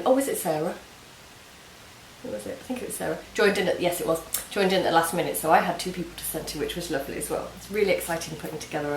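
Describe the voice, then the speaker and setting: A woman hosting a knitting video podcast, chatting casually and gushing with many ums and restarts. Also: on the low side. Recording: roomy home recording with faint hiss.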